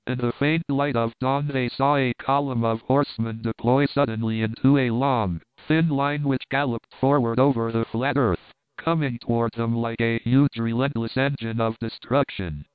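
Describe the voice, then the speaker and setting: Casting: man, audiobook narrator, smooth clear voice, dry, thin phone-like recording. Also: mid-range voice, normal speed, no echo. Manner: steady, even storytelling. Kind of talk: scripted narration.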